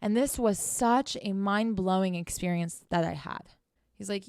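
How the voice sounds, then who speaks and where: A young woman delivers tough-love self-help talk in a brash, sarcastic, heavily profane way. Her voice sits at a middle pitch, recorded close and dry with no room around it. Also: a little slow, a little mellow, smooth, no room sound. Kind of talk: blunt motivational monologue.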